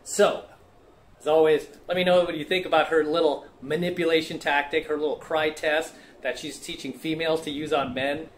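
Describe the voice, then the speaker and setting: Male coach and channel host, slightly high voice, preachy and emphatic. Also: little pitch movement, normal speed, a little hiss or hum. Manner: emphatic, preachy, keeps asking "right?". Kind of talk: direct-to-camera coaching monologue.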